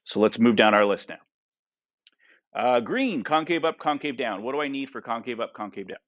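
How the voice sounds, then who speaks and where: A man's voice: medium pitch, lively intonation, normal speed, muffled recording. Male math teacher quizzing his class. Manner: keeps asking the class questions and tagging "right?" and "okay?". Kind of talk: classroom lecture.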